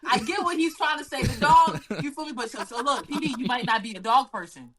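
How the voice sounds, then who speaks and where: A woman chatting as a podcast guest, animated and slangy, full of laughing asides. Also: high voice, a little fast, a crowd in the background. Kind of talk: casual chat.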